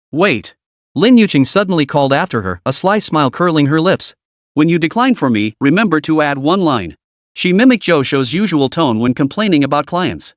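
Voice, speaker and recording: Man, higher voice, scripted story narration, same even voice for every character, dry close recording. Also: no room sound. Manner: reads all characters' lines in one even narrating voice.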